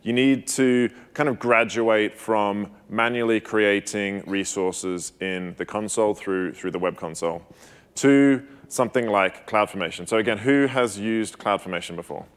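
Aussie guy co-presenting a cloud talk, lowish voice, steady explaining. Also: moderate pace, smooth. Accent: Australian. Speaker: conference co-presenter.

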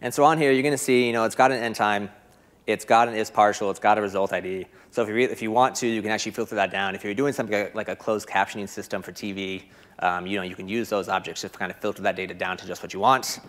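A man with an American accent giving a fast, filler-laden technical conference talk while demoing code. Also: fairly low pitch, steady tone, fairly bright tone. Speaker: conference presenter. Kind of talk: live coding demo talk.

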